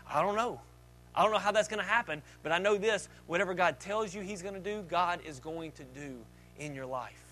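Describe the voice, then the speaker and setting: High-voiced, bright preaching man. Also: brisk, soft background music. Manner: dynamic preaching, acts out disciples' voices, jokes. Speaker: pastor. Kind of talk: sermon.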